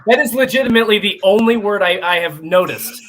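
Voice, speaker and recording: A man's voice: high-pitched, expressive, brisk, very noisy. A man co-hosting a sports radio show who playfully teases a guest. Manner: playful, teasing. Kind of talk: casual sports radio banter.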